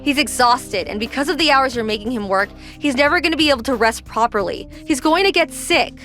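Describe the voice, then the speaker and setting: A woman's voice: high-pitched, expressive, a little fast, a bit bright, soft background music. A young woman voicing a protective wife who confronts her husband's boss in a pleading, accusing way.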